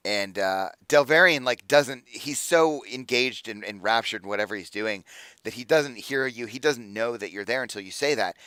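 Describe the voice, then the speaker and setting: A man's voice: medium pitch, normal speed, sharp tone, clean tone, no echo. A man narrating a tabletop game as game master, casual and full of filler words. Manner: casual, many fillers, hesitant.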